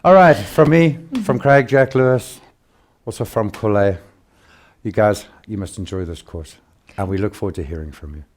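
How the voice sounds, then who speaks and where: A man's voice: on the low side, moderate pace, darkish tone. An older man teaching guitar in a chatty, casual lesson, showing rhythms by singing syllables.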